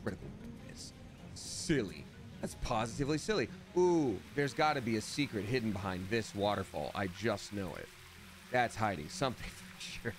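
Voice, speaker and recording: A man's voice: lowish voice, lively intonation, moderate pace. A man streaming a video game with casual, playful commentary and silly asides. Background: game music.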